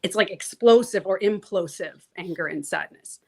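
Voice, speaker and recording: A woman coach talking casually in an interview, animated, acting out inner voices and laughing easily. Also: on the low side, normal speed, creaky, breathy edge. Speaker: transformation coach, guest.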